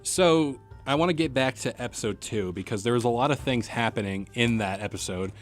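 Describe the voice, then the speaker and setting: A man's voice: mid-range voice, brisk, soft background music. A man hosting a podcast, chatting casually and laying out his points at length. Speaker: podcast host. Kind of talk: casual chat.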